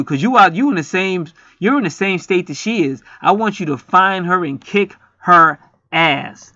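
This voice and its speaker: A man's voice: on the high side, lively intonation, moderate pace, bright, forceful tone, no echo. A man reading an astrology chart aloud in a rambling, profane, joking monologue. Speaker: astrology reader. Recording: slightly muffled lo-fi recording.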